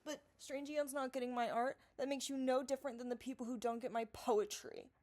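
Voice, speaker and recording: A woman rambling in a casual vlog monologue, profane and scattered, dropping to mumbles and then rising into loud excited bursts. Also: high-pitched, a little fast. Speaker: vlogger. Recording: distorted audio.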